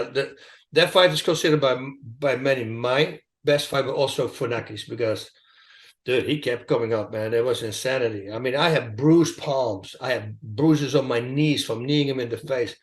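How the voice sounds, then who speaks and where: A man in an interview, telling stories in a lively, emphatic, casual way. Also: medium pitch, normal speed. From Netherlands. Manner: animated, emphatic storytelling with asides. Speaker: interview guest, retired fighter. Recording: echoey room.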